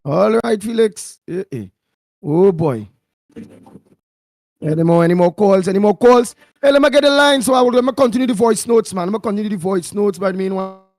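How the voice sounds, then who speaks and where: A man's voice: sits high, fairly quick, darkish tone, no room sound. A man with a Trinidadian accent hosting a call-in radio show, chatting casually in dialect with callers. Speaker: radio talk show host.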